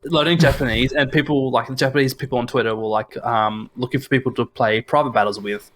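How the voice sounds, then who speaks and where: A man's voice: medium pitch, fairly even intonation, fast talker. A young Australian man co-hosting a casual podcast chat, telling stories in a rambling, stop-start way. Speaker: podcast co-host.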